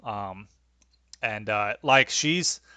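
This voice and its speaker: A man's voice: lowish voice, animated, extremely slow, bright, forceful tone, no room sound. A man running a tabletop role-playing game as game master, easygoing and full of fillers.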